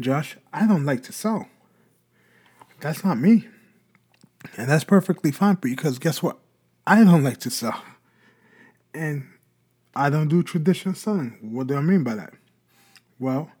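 A man's voice: a little high, mellow, breathy edge. A man hosting a podcast, explaining in a casual talk and answering his own rhetorical questions. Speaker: podcast host.

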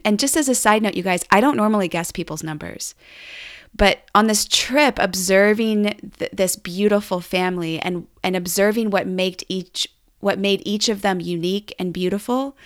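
A woman hosting a podcast, telling a family story with animated enthusiasm. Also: lowish voice. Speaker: podcast host.

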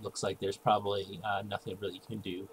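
A man narrating as game master of a tabletop game, in a relaxed, halting way with fillers and chuckles. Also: lowish voice, rough recording. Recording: faint background noise.

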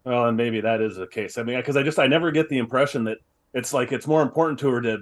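A man co-hosting a podcast, talking in quick, hedging casual chat. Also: mid-range voice. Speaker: podcast co-host.

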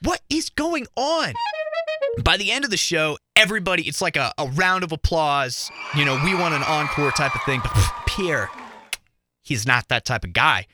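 A man's voice: a little high, normal speed, over music. A young man, a podcast guest, telling a crude first-date story with lots of swearing in a college radio studio. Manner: animated, crude, swears freely. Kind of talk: casual storytelling.

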